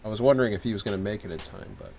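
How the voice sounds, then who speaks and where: A man giving casual, thinking-aloud commentary while playing a train dispatching game, low-key and a bit sleepy. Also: huge pitch swings, rapid-fire, vocal fry, darkish tone, slight background noise. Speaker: streamer.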